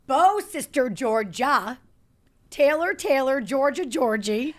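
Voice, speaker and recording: Rambling, animated woman podcast co-host. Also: sits high, takes it slowly. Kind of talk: casual chat.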